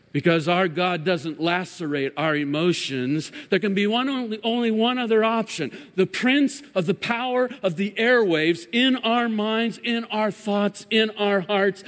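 Man preaching with dramatic swells in a reverberant hall. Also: high-pitched. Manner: dramatic preaching with rising emphatic peaks and hushed drops. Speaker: pastor. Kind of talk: sermon.

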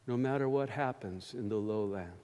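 A man preaching a sermon in a church, slow and emphatic, swelling loud on key phrases and dropping low between them. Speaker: pastor. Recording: reverberant church hall.

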